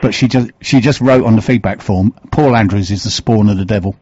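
A man hosting an interview, speaking with a fairly low, slightly raspy voice. He pauses and hesitates often as he frames his questions, and the recording is dry and somewhat muffled. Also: darkish tone, no echo. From United Kingdom. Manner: thoughtful, hesitant, with many fillers. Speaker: interview host. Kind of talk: conversational interview.

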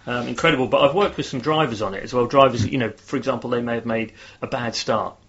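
A man's voice: medium pitch, fast talker, a bit bright, husky. A man explaining how negative phrasing works, in a conversational tone, sometimes leading a group experiment with enthusiasm. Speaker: guest speaker on performance psychology. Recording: dull lo-fi sound.

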